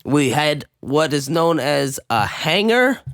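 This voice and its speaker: A man's voice: a little high, very animated, slow, a bit bright, a little hiss or hum. A man co-hosting an improvised comedy chat, putting on an old-timey commoner accent that keeps drifting. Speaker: podcast co-host.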